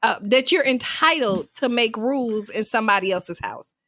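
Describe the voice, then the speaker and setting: A woman co-hosting a morning radio talk show, quick and blunt as she gives advice, laughing often. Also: a little high, animated, bright, forceful tone, no room sound, clean studio sound. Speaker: radio co-host and advice giver.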